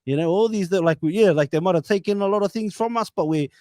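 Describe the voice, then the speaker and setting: A man's voice: high-pitched, quick pace, dry recording. Kiwi guy on a podcast, laid back, laughs a lot, dry sound. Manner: relaxed, laughs a lot, mixes in Māori words. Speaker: podcast co-host. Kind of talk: casual chat.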